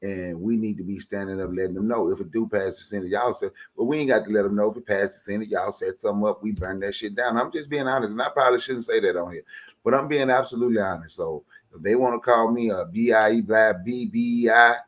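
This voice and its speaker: A man's voice: fairly low pitch, fairly quick, fairly bright tone. Blunt man co-hosting a talk show. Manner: blunt and emphatic, rising when heated. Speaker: co-host. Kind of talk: casual radio talk.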